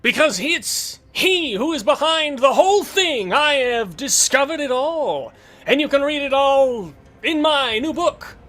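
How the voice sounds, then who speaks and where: A man voicing a pompous, glory-hungry male detective who is also an author, making grand, booming proclamations. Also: expressive, a little slow, fairly bright tone, exaggerated voice. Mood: triumphant.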